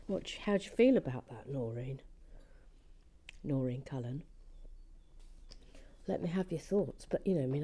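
A woman giving relaxed commentary while building a set, chatty and often slipping into a soft whisper. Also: sits low, measured pace, pauses often, breathy edge.

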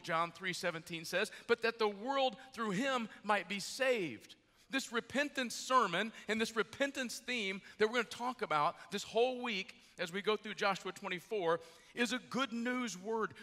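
A middle-aged man preaching in a large church, his voice pitched high and bright. He jokes and talks to the crowd easily, though a little jet lagged. Long hall reverb trails each line. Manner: lively, joking, conversational preaching. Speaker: pastor. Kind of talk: sermon.

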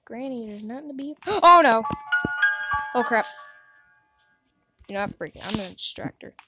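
A woman's voice: fairly high pitch, lively intonation, normal speed, loud music behind the voice, low-quality recording. A woman giving let's play commentary on a horror game, jumpy, gasping and talking back to the game. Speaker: gamer.

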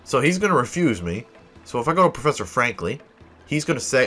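Casual game commentator, male, animated pitch, self-mocking humor. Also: fast, faint music behind. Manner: joking, self-mocking asides. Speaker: gameplay commentator.

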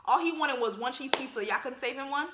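A young woman giving casual, joking movie commentary in an emphatic, animated way. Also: sits high, fast, echoey room, heavy background noise. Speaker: vlogger reacting to a film.

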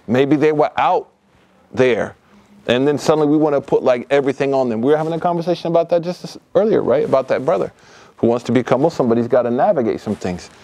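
A middle-aged man speaks to a room of young people in a mosque hall. His pitch is an ordinary middle level for a man, and he talks in relaxed, slangy street language. His delivery stays lively as he acts out the people in his stories. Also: fast. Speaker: lecturer at a youth study circle. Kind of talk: informal religious lecture to youth. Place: mosque hall, live audience.

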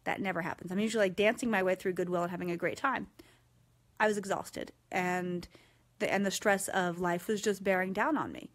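A woman in her forties hosting a casual live-stream chat, talking frankly and swearing freely with lively energy. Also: fairly low pitch, brisk. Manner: frank and profane, animated. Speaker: host.

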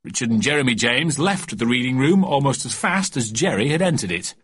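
A man narrating a children's storybook audiobook with a lively, expressive reading. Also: medium pitch, a little fast, breathy edge, dry recording.

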